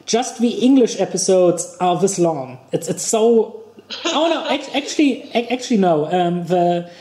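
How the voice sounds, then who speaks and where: A German-accented man hosts a podcast, chatting loosely with frequent restarts and little laughs. His voice sits warm and mellow. The recording carries a noticeable room echo. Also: high-pitched, animated. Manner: halting, many restarts and laughs. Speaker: podcast host. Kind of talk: casual podcast chat.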